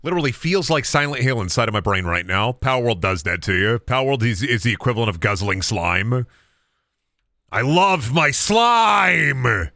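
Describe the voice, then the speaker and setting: Male streamer, lowish voice, very animated pitch; rambling, self-mocking play-by-play with goofy sing-song asides. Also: no echo, clean studio sound. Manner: rambling, jokey, mutters to himself; breaks into silly high sing-song bits. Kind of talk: casual gameplay commentary.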